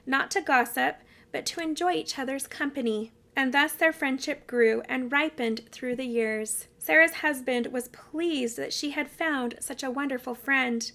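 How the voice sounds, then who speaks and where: A woman narrating a biography chapter aloud in a steady, clear reading voice. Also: high-pitched. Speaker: reader of a family biography. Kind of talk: storybook narration.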